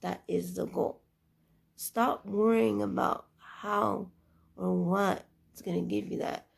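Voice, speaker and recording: A woman's voice: mid-range voice, steady tone, slow, gravelly. A young adult woman giving earnest, rambling life advice in a casual monologue. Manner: earnest, preachy, rambling with restarts.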